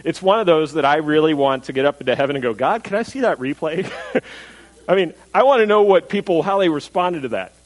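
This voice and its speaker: A man's voice: fairly high pitch, brisk, rough recording. A man preaching a sermon, retelling a scripture story in a conversational way, asking his listeners questions and acting out what the crowd says. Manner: animated storytelling, acts out crowd voices; conversational, asks the audience questions. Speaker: pastor.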